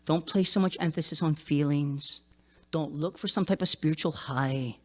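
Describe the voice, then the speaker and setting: A male pastor preaching a sermon in an animated, conversational way, often checking in with "right?". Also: fairly high pitch.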